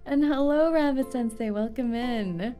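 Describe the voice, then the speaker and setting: A woman's voice: a little high, unhurried, mellow, soft background music. A woman streaming a game in casual chat, playful and rambling, with frequent giggles. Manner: giggly, laughs often between thoughts.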